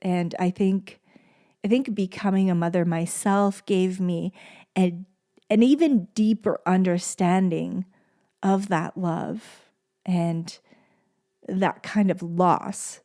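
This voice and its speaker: A woman hosting a podcast, speaking in a gentle, soft-spoken and tender way and repeating phrases for emphasis in a heartfelt solo monologue. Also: lowish voice, fairly even intonation, takes it slowly. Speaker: podcast host.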